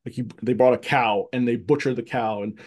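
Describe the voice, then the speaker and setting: A middle-aged man of Armenian family raised in Egypt, a guest casually telling childhood stories, restarting phrases and getting animated when he quotes himself. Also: fairly quick. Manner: animated, repeats words as he restarts, rising pitch when quoting himself. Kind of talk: casual conversational storytelling.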